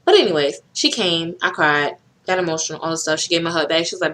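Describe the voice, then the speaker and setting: A young woman chats to her viewers, telling a personal story in a loose, conversational way. Her voice sits fairly low for a woman but has a bright, forceful edge to it. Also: fast, few pauses. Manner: chatty storytelling with rising pitch in quoted speech. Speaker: vlogger. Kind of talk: casual chat to camera.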